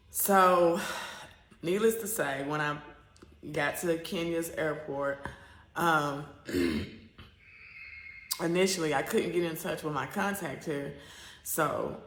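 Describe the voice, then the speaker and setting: A woman's voice: deep voice, lively intonation, slow, long pauses, fairly bright tone, reverberant. A woman from the United States telling a personal story to camera in a rambling, candid way, full of fillers and restarts. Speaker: vlogger.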